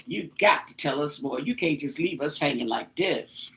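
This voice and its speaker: A woman doing a casual tarot reading for viewers, exclamatory and animated, pleading with the cards to tell her more. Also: fairly low pitch, normal speed, gravelly, few pauses. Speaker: tarot reader.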